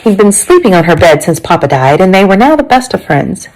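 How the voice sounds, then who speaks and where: A woman teacher reading a chapter book aloud to her class. Her voice is lively and full of rise and fall, and she breaks off for friendly asides to her listeners. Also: mid-range voice, fairly quick, rough recording.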